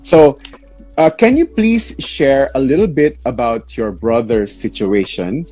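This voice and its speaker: A man's voice: medium pitch, lively intonation, measured pace, a little mellow, soft background music. A young man hosting a live interview, chatty and sympathetic, with loose casual fillers. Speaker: interview show host.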